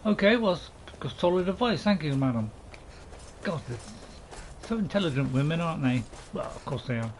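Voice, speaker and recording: A middle-aged man chatting through a game session with playful, rambling asides. His voice sits high for a man and he banters with the characters as he goes. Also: expressive, a little fast, slight background noise. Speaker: gaming channel host. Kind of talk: casual let's-play commentary.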